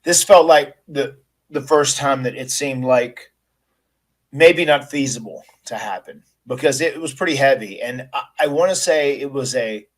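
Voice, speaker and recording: In a low-quality recording, a wrestler answers interview questions and earnestly tells his personal story. His voice is medium-pitched and measured, and he often restarts and quotes dialogue.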